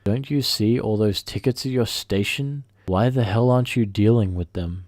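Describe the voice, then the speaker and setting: A harsh, irritable restaurant manager barks at a worker in a low, dark voice, berating him with no patience at all, played by a man. The sound is close and dry, with no room around it. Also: normal speed, dry recording, lightly acted. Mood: angry. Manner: berating, impatient.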